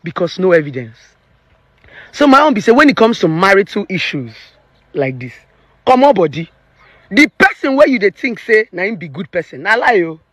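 A Nigerian woman in her thirties lectures her viewers like a relationship therapist, emphatic and preachy, with Pidgin mixed into her English. Her voice leaps up and down in pitch. The sound is dry with no room echo. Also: bright, forceful tone. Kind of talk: opinion vlog rant.

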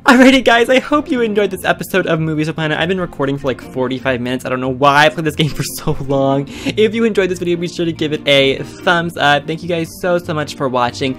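A man giving comedic, theatrical game commentary as a YouTuber, excitable and prone to shrieking exclamations. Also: a little high, fast, few pauses, soft background music. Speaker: gaming YouTuber.

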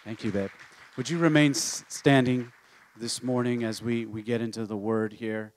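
A man's voice: mid-range voice, steady tone, normal speed, a little hiss or hum. A man pastor addressing his church congregation in a casual, talkative way, often restarting his sentences. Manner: casual, repeats himself and restarts. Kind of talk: sermon.

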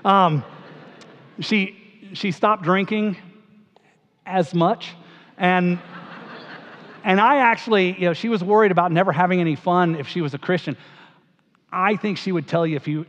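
A middle-aged man with a higher-than-usual voice delivers a eulogy as a pastor, and his tone is casual and humorous. The sound is muffled and dull, and a long reverb trails after his words in a church hall. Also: unhurried, long pauses, a bit bright. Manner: conversational, humorous storytelling. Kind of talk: memorial eulogy storytelling.

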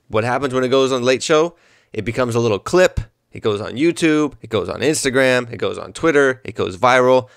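A man's voice: medium pitch, clear, resonant tone, no echo, clean studio sound. A young adult man hosting his own podcast, rambling through a comedic monologue. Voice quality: animated, rambling. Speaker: podcast host.

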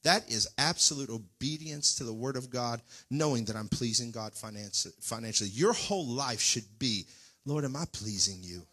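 A man's voice: mid-range voice, normal speed, hardly any pauses, pushed and bright, breathy edge. A man pastor preaching a Pentecostal sermon in a church, folksy and fervent, at times rising into near-singing cries. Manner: folksy, talks straight to the congregation. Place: church sanctuary.

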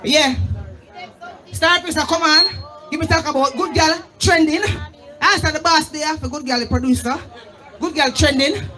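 A Jamaican woman, a dancehall artist on stage, shouting greetings and hyping the crowd during a live show. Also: high voice, unhurried, pauses often. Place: live club event on stage. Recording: loud live event with music and crowd. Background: loud music and cheering crowd.

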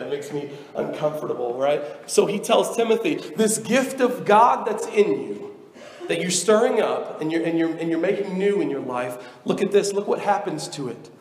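High-voiced young pastor preaching in an echoey church. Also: male voice, expressive, moderate pace, darkish tone. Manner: earnest, conversational preaching with rising emphatic exhortations. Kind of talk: sermon. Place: church sanctuary. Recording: echoey church hall with reverb.

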